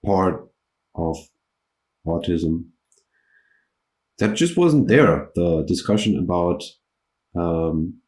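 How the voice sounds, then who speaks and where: Low, mellow-voiced man interviewing. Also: lively intonation, very slow, long pauses. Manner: hesitant, with many restarts and ums. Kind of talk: conversational interview.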